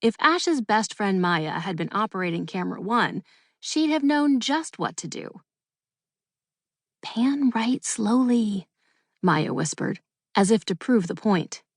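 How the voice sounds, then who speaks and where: A woman's voice: mid-range voice, sing-song, normal speed, no echo, studio quality. Woman narrating a children's book. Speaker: audiobook narrator. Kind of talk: scripted storybook narration.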